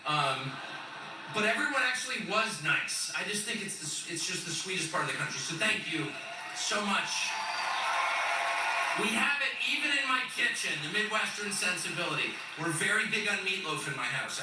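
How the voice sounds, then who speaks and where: A man in his fifties from California, hosting a live stage show with a sardonic, chuckling, animated storytelling manner in a large event hall. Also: high-pitched, background noise. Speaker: host on a live stage tour. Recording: roomy echoing hall, distant mic.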